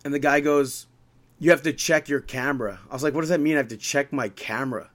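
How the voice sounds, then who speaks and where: A podcast co-host with a quick, mid-range voice tells a story in casual chat, acting out each exchange. He grows more and more exasperated, animatedly retelling it with quoted dialogue.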